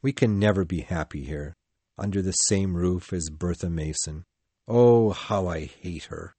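An actor playing a brooding, passionate middle-aged lover in an audio drama, speaking intensely and pleadingly. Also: male voice, low voice, a little slow, mellow, no room sound. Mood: bitter, pleading.

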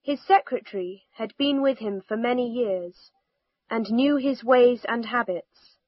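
Lady reading a lesson story real slow, clear careful words, kinda dull lo-fi sound. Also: fairly high pitch, no room sound. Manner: careful, clearly enunciated, lively for quoted dialogue. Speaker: reader of a language lesson text. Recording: dull, slightly lo-fi recording.

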